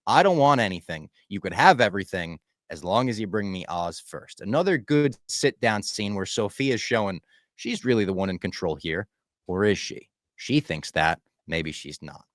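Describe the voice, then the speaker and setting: A man co-hosting a podcast, recapping a TV finale in casual chat, animated and swinging from loud outbursts to low asides. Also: no echo. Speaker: podcast co-host.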